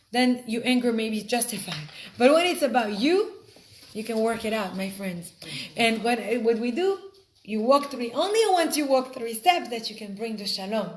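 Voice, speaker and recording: A woman teaching an informal Torah lesson in an expressive way, often asking her listeners questions. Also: on the high side. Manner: expressive, asks rhetorical questions.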